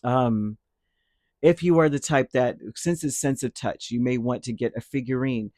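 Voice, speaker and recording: A man's voice: medium pitch, normal speed, a little mellow, no echo, studio quality. A man giving a casual tarot and chakra reading, talking in a loose, rambling way that corrects itself and keeps checking in with "right?". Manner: rambling, self-correcting, tags lines with "right?". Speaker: tarot reader. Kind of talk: casual spiritual reading to camera.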